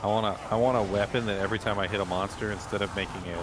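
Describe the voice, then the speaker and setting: A man's voice: lowish voice, steady tone, rapid-fire, noisy background. A man streaming a game, chatting casually and joking with fellow players. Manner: joking, chatty, laughs at his own ideas. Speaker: gaming streamer. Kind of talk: casual gameplay chat. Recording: game music underneath. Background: game music.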